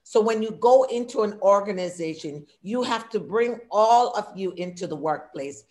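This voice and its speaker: On a video call, a woman in her sixties, an immigrant and diversity consultant, walks through a workshop presentation in short, listed phrases. Her medium-pitched voice is animated and moves at a normal speed. She comes across as warm and talkative, with an audible non-native English accent.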